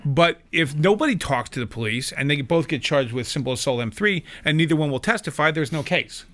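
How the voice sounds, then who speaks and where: A man who works as a defense attorney, speaking in a relaxed, measured way and explaining legal points during a casual chat. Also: a little high. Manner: measured storyteller, explains the law.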